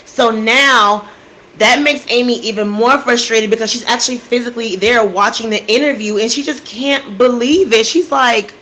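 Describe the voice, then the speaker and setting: A woman's voice: a little high, a little slow, a bit bright, poor audio. A woman telling a true crime story casually into a desk microphone, getting emotional and outraged and talking straight to her listeners.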